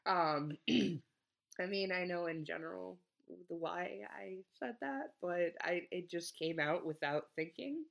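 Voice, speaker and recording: A man's voice: high voice, takes it slowly, gravelly, a bit bright. A man co-hosting a comedy podcast in casual chat, often laughing and hesitating with ums. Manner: giggly, hesitant, lots of ums. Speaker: podcast co-host.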